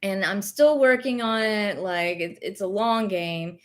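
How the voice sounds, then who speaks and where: A young woman speaks at a medium pitch in an unhurried way, her light Southern US accent reflecting her rural American South roots. She has Covid and is casually chatting on her livestream as host and reseller. She reads viewer comments and rambles, with many fillers and self-corrections.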